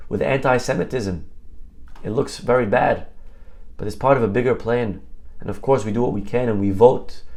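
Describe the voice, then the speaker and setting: A rabbi giving a Torah lesson in a conversational, storytelling way, often tossing in quick "right?" asides to his listeners. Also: medium pitch.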